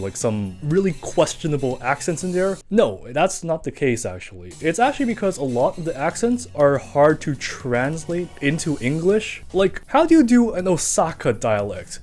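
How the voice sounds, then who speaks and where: A man's voice: fairly high pitch, darkish tone. A man reading a scripted commentary in a casual, chatty way, full of asides. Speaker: video essayist.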